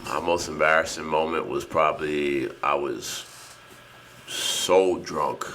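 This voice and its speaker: A man's voice: very deep voice, steady tone, slow pace, fairly bright tone, a little hiss or hum. A man in his thirties from New Jersey, co-hosting a podcast and telling a story casually, laughing often and swearing freely. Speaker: podcast co-host.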